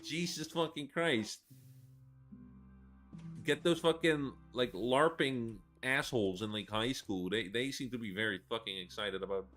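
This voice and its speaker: A man's voice: medium pitch, a little slow, a bit bright, soft background music. A man in his twenties giving casual, rambling gameplay commentary, swearing a lot and laughing between rants. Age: 20s. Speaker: gaming video creator.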